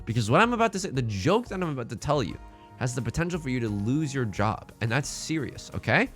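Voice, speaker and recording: A man streaming a mahjong game and bantering with his chat in a hyped, self-mocking way, building up jokes and reacting loudly to risky plays. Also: medium pitch, very animated, fast talker, soft background music. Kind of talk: live-streamed mahjong commentary.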